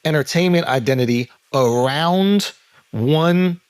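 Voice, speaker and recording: American man, comedian, blunt and profane, casual chat, fairly high voice, dry close recording. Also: slow, smooth, dry recording. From United States.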